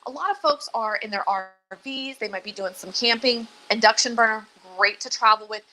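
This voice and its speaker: A woman's voice: a little high, brisk, sharp tone, low-quality recording. Chatty woman hosting a cooking stream. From Louisiana. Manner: chatty and self-deprecating, nervous but upbeat. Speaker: dietitian hosting a live cooking show. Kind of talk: live-streamed cooking demonstration.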